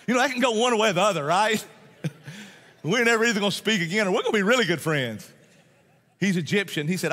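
A man's voice: sits high, a little fast, long pauses, fairly bright tone, husky. A man, a Baptist pastor, preaching a sermon in a folksy, emphatic way, often repeating phrases and laughing between points. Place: large church auditorium. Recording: long hall reverb.

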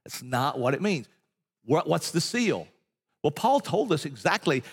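A man's voice: fairly high pitch, big pitch swings, a little slow, breathy edge, big-room sound. A man preaching a sermon as pastor, conversational and emphatic, often asking his listeners rhetorical questions.

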